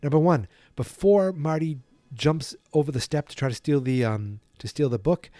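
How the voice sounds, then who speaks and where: A man's voice: fairly high pitch, normal speed, warm tone, no room sound. A man hosting a podcast, casually retelling a film from memory in a rambling way. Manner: rambling, full of restarts and impressions. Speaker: podcast host.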